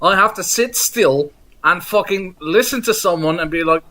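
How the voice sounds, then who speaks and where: A man's voice: sits high, normal speed, pushed and bright. A man with a Dutch accent whose first language is Dutch, co-hosting a podcast in casual banter, wry and playful, acting out little quoted voices, speaking over a Skype call. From Netherlands. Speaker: podcast co-host.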